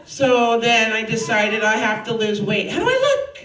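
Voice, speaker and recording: A woman in her forties doing stand-up comedy, brash and profane, ranting with loud outbursts. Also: a little high, animated, moderate pace, hardly any pauses, slight background noise. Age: 40s. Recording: roomy club, distant mic, audience.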